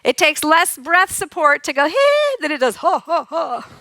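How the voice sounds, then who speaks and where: A woman occupational therapist giving a lively, demonstrative conference talk, acting out sounds and giggling as she teaches. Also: high-pitched, a little slow, dry recording. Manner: giggles often while teaching. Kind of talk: live conference presentation.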